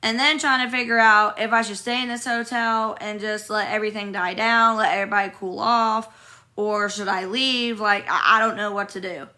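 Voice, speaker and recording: A young woman, hoarse from being sick, talks straight into her phone during a livestream from a hotel room. Her voice is bright and forceful, and her talk is blunt and profane, rambling from one grievance to the next while she answers the comment feed. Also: medium pitch, fairly even intonation, moderate pace. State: hoarse from illness. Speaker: livestreamer reading viewer comments. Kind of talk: casual livestream venting.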